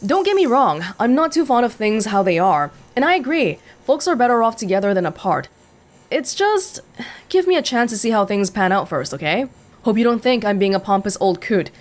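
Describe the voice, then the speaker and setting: An actor playing a folksy, distrustful old man porter in a video game, speaking plainly with a drawl. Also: sits high. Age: older.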